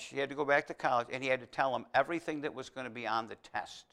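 Racing along in a bright, forward, medium-pitched voice, a male preacher gives a down-to-earth, conversational sermon. He keeps breaking off into asides and restarting, then swells into loud, emphatic exhortation.

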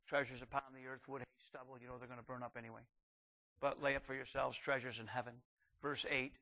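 An older man preaching a sermon, animated, shouting out acted quotes and slowing down to read scripture. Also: a little high, dull audio.

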